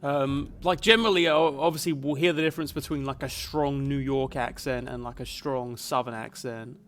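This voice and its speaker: A man with a softened Essex accent, chatting casually to viewers while streaming a game, rambling with plenty of fillers. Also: mid-range voice, steady tone, moderate pace. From Essex, England. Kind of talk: casual live gameplay chat.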